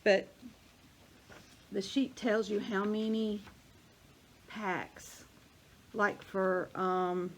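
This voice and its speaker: An older woman with a drawl talks casually through a hands-on craft demonstration. She rambles and thinks out loud as she works, in a medium voice, with faint noise behind her. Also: medium pitch, little pitch movement, extremely slow, long pauses. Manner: chatty, rambling, thinks aloud while working. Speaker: crafting vlogger.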